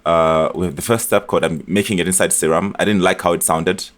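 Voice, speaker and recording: Low-voiced man walking through a beat. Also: brisk. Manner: relaxed and chatty, with frequent fillers and restarts. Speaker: music producer demonstrating a beat remake. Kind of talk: casual tutorial walkthrough. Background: beat elements playing from the project.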